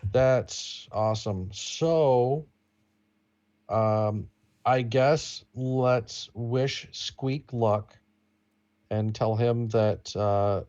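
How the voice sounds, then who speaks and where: A man playing a tabletop game, speaking slowly and hesitantly and restarting his words. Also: medium pitch, darkish tone, highs cut off. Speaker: player.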